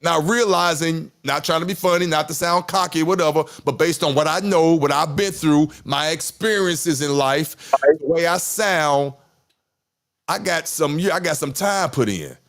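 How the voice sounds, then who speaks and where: A man's voice: on the high side, moderate pace, fairly bright tone. A man, talking candidly in casual chat, rambling, repeating himself and swearing. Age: 50s. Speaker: podcast host.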